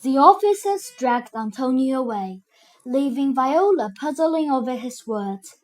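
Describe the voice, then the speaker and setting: Slow, lively woman reading a storybook. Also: sits high, no room sound. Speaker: narrator.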